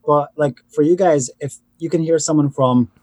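A man's voice: fairly high pitch, moderate pace, darkish tone, dry recording. A man talking casually as a podcast guest, chatty and often laughing. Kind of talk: casual chat.

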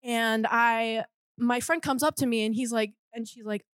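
A chatty woman with a fairly high voice, telling a story and packing it with "like" as she acts out quotes. Her voice sounds close and dry. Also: steady tone, moderate pace, a bit bright, dry recording. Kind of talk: casual storytelling.

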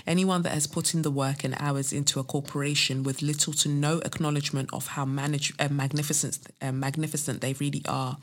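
Blunt podcast host, swearing freely. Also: mid-range voice. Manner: blunt, candid, swears freely, rhetorical questions. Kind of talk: solo podcast monologue, reading a listener letter and ranting.

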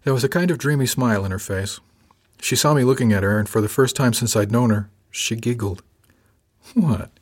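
A man calmly narrating a first-person audiobook in an even storytelling manner. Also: medium pitch, a little fast.

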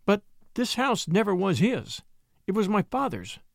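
A man's voice: sits high, sing-song, moderate pace, dry recording, clean studio sound, pitched above the performer's own voice. A man voicing a frightened, genteel widow who stammers and pleads, read in a storybook narration. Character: frightened genteel widow, woman, middle-aged.

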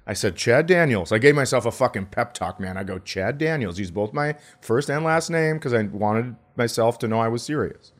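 A man co-hosting a comedy podcast, telling a profane travel story with loud impressions. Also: medium pitch, fairly quick, few pauses. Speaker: podcast co-host.

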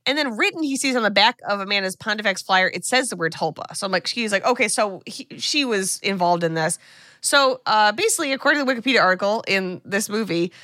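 A woman co-hosting a podcast, recapping a film in casual chat, animated and full of fillers and asides. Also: mid-range voice, quick pace, few pauses, no echo, studio quality. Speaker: podcast co-host.

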